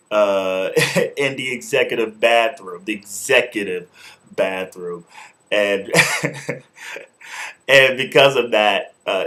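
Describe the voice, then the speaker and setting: A man's voice: on the low side, bright, forceful tone. A man hosting his own video show, giving a loose, informal spoken review in casual slang with some swearing. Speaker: show host and wrestling reviewer. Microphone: camera mic, talking to camera.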